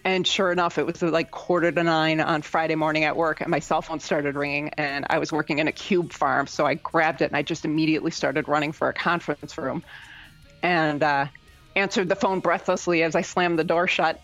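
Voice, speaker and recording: A woman's voice: a little fast, soft background music, poor audio. A woman with a Midwestern American accent, telling stories as an interview guest and acting out the voices of the people in them. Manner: animated, acts out quoted voices with big pitch jumps. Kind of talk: storytelling interview.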